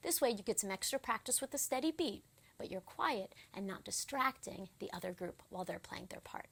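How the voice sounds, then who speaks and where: A woman teaching children a rhythm lesson, speaking slowly and clearly in a gentle, encouraging way. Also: medium pitch, expressive. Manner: gentle, encouraging, counts beats aloud. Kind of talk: slow, clear instruction for children.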